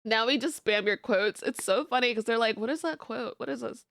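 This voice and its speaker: A woman VTuber chatting casually to her stream, with a low, deep voice for a woman, giggling often and rambling through repeated restarts. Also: fairly quick, vocal fry, fairly bright tone, no room sound, studio quality. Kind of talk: casual livestream chat.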